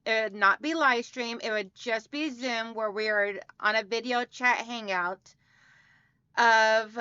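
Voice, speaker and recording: A woman's voice: fairly high pitch, a little slow, bright, forceful tone, clear, resonant tone, no room sound. A woman hosting a quilting livestream from home, chatty and upbeat, greeting viewers by name and reading out their comments. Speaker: livestream host of a quilting channel. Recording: dry, slightly dull home recording.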